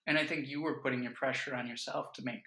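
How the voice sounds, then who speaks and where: A man's voice: medium pitch, steady tone, fast talker, creaky, pushed and bright. A man in his twenties, a podcast guest, telling stories in an earnest, reflective way. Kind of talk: casual chat. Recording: echoey room.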